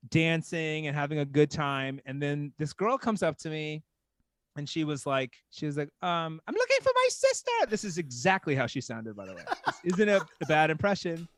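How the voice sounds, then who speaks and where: A man from Texas, a podcast guest, telling a funny story in a casual, animated way, full of "like" and laughing as he talks. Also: fairly high pitch, moderate pace, no echo. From Texas, USA.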